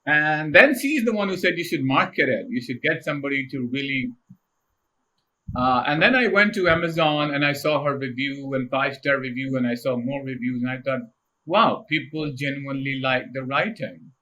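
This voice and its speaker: A middle-aged man from India, a podcast guest telling casual stories in an animated way and laughing often. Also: medium pitch, moderate pace. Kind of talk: casual storytelling interview.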